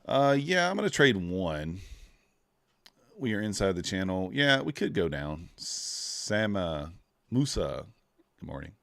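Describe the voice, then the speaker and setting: A man's voice: sits low, very animated, takes it slowly, creaky, a bit bright, no echo. A tired young man, chatting casually with live-stream viewers while trading. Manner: laid-back, drawling, greets chat viewers. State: tired, yawning. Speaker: futures trader streaming live.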